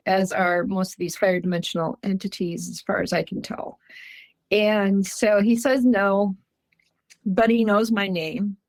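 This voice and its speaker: A woman from Minnesota earnestly recounting a personal encounter in casual storytelling, animated and laughing often. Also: mid-range voice, gravelly, no room sound. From Minnesota, USA.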